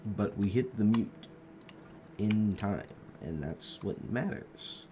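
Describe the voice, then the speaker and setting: A man's voice: on the low side, animated, takes it slowly, dark tone, slight background noise. A sick young man with a cough, giving rambling, joking gameplay commentary into a desk microphone and drifting off mid-thought. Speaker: gaming video creator.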